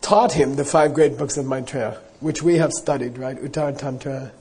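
A man's voice: mid-range voice, moderate pace, mellow, slightly rough. A man teaching as a Buddhist teacher, telling a story in a casual, rambling way with many fillers. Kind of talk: dharma talk storytelling.

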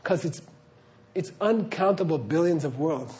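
A spiritual teacher speaks to an audience in a slightly high, darkish voice with lively intonation and a measured pace. Earnest throughout, he keeps saying "okay?" and laughs during his stories.

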